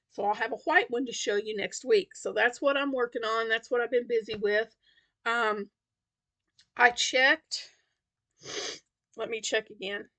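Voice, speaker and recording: Woman, crochet vlogger, tired, rambling chat, bright tone, slightly high voice. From Tennessee. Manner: rambling, many fillers and restarts. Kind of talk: casual chat.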